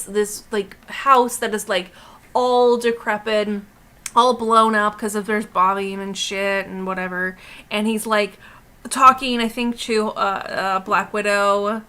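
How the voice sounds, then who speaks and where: A young woman co-hosting an art livestream, ranting in a heated, profane, animated way and laughing often. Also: fairly high pitch. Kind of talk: casual livestream rant.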